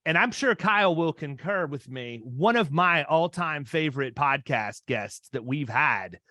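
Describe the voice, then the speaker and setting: A man's voice: a little high, animated, a little slow, bright, forceful tone, no echo, studio quality. A man in his fifties hosting a podcast interview, chatting casually and often restarting his sentences. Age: 50s. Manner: rambling, restarts mid-sentence. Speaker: podcast host.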